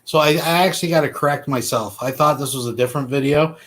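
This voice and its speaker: A man's voice: a little high, fast talker, a bit bright. Blunt man hosting a live stream. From Canada. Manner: blunt, talks straight to viewers. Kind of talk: casual live stream commentary.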